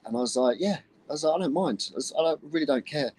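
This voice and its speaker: Husky laddish English man from Luton. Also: on the high side, rough recording. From England. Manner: animated, laddish slang, quick stop-start telling. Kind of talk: casual chat, storytelling.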